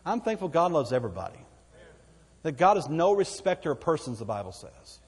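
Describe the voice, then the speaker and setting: A man's voice: fairly high pitch, big pitch swings, fairly quick, slightly rough, in a large hall. A man with a Texan accent preaching a sermon as pastor, folksy and conversational, with asides to the congregation. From Texas.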